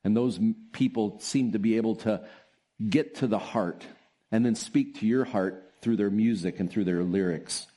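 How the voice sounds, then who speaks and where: A man preaching a sermon as pastor, telling stories with soft laughs and drawn-out emphasis. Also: lowish voice.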